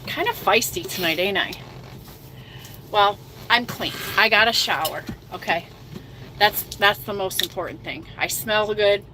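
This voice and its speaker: A woman's voice: mid-range voice, unhurried, background noise. A middle-aged woman trucker hosting a casual livestream chat, self-mocking and reading viewer comments aloud.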